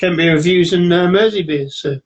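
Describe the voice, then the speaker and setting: Man, higher voice, jokey banter, livestream beer tasting. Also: moderate pace, a crowd in the background, rough recording. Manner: jokey, banters and reads out viewer comments. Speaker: co-host of a beer review show. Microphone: home setup on a live video stream.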